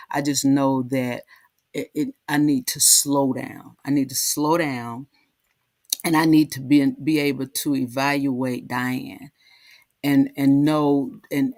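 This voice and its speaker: A woman hosting a heartfelt, casual talk, halting and repeating herself, often asking "right?". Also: extremely low pitch, darkish tone, no room sound, clean studio sound. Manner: halting, repeats words, frequent "right?" tags. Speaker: host.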